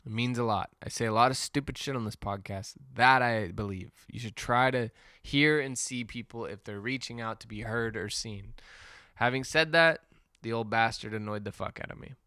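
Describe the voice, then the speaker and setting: Profane rambling man, crisp dry sound. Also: medium pitch, moderate pace, pushed and bright, no room sound. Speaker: podcast host. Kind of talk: comedic rant monologue.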